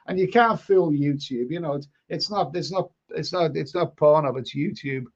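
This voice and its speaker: A man's voice: on the high side, moderate pace. Rambling man on a lo-fi live stream. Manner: chatty, rambling, blunt with mild swearing. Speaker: livestream host reading chat. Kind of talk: casual live chat. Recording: dull lo-fi stream audio.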